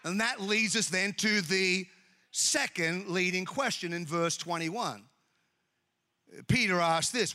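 A man preaching a sermon in an animated, jokey way, often repeating his words. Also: sits high, moderate pace. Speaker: pastor. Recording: echoey hall with long reverb.

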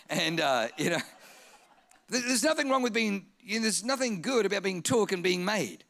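A man preaching a sermon in an animated, comic way, repeating phrases and acting out voices. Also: high voice, fairly quick, vocal fry.

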